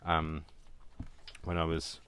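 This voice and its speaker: A man chatting casually as he crafts, rambling along and quick to laugh. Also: very deep voice, monotone, a bit bright, smooth. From Britain. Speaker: crafting vlogger. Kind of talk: casual chat while crafting.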